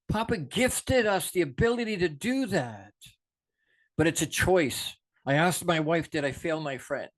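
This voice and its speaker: A middle-aged man delivering an off-the-cuff motivational talk with fervent passion. His voice sits a touch high for a man, and he drops quiet and low for reflection, then surges up to push a point hard. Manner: passionate, preachy, swings from soft to emphatic. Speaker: motivational show host.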